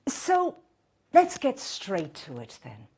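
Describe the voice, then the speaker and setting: A woman's voice: mid-range voice, wildly swooping pitch, slow, darkish tone, husky, exaggerated voice. A comedian playing a beleaguered female talk show host who keeps up formal presenter patter and stammers when caught off guard. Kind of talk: stand-up character comedy.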